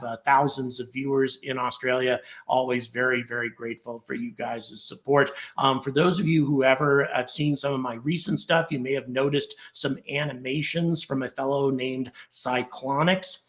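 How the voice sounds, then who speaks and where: A man's voice: mid-range voice, fairly bright tone. A middle-aged man hosting a live stream, thanking viewers and reading out where they are checking in from, in a rambling, grateful way with many fillers. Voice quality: gravelly. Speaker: livestream host.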